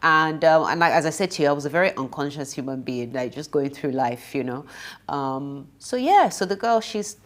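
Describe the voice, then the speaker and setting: A woman in her thirties, a singer and interview guest, telling an emotional personal story in an animated way and often asking "you know?". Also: deep voice, moderate pace. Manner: animated, acts out quoted dialogue, frequent "you know".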